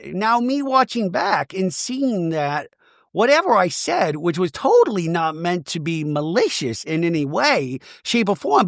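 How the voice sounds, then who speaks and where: Man putting on a high, breezy woman, rambling, defensive, swooping pitch. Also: a bit bright, no room sound, studio quality, full character voice. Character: breezy over-explaining woman, apologetic but defensive.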